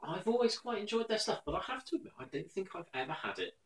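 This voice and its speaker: A man's voice: high voice, sing-song, fast talker, a bit bright, echoey room, poor audio. A man co-hosting a casual beer review. He makes dry, wry jokes and uses plenty of fillers. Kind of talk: casual chat.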